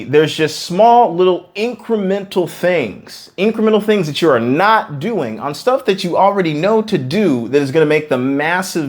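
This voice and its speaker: A man teaching singers as a vocal coach, talking emphatically, repeating words for stress and breaking into short sung demonstrations. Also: fairly high pitch. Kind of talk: singing lesson to camera.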